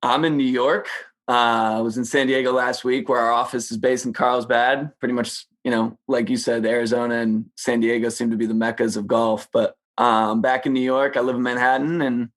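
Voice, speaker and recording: A man's voice: medium pitch, little pitch movement, normal speed, a bit bright. Male interview guest from Connecticut, mid-range voice, laid-back storyteller. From Connecticut, USA. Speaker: guest, brand general manager. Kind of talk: casual interview chat.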